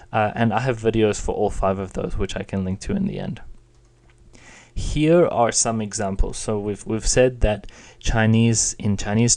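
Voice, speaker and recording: A man's voice: on the low side, darkish tone. A young man giving a patient, plain spoken lesson, explaining and demonstrating intonation. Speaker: Chinese teacher.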